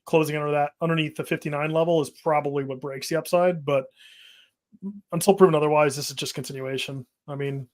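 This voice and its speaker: A man's voice: on the high side, steady tone, fast. A man giving casual, matter-of-fact market commentary as a co-host. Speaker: trading analyst co-host.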